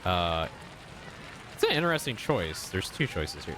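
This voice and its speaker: A man's voice: sits low, big pitch swings, unhurried, background noise. A male streamer chatting casually while playing a narrative game, his throat strained from doing voices. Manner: casual, laughing asides. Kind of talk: livestream commentary while reading game dialogue aloud.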